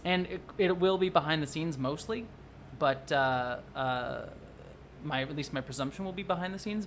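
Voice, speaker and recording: Excitable rambling livestreamer. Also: medium pitch, moderate pace, vocal fry, a little hiss or hum. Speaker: livestreamer and video producer. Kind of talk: casual livestream chat. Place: at home under a blanket.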